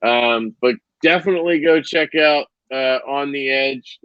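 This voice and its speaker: A man's voice: medium pitch, measured pace, clean tone, no room sound, muffled recording. A man hosting a casual live stream and signing off, loose and profane, with plenty of ums and restarts.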